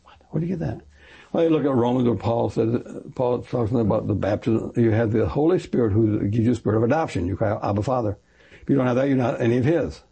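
An older retired pastor talks fast and at length in an interview. His voice is gravelly, husky and dark. He rambles, corrects himself and acts out the people he quotes. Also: mid-range voice. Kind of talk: interview storytelling.

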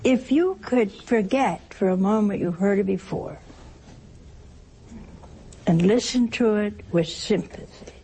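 A woman delivers a sermon-style teaching talk at an unhurried pace. She slips in teasing humor and keeps asking rhetorical questions. Her voice sits at a medium pitch over a faint hiss. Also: expressive, dark tone. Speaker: religious teacher.

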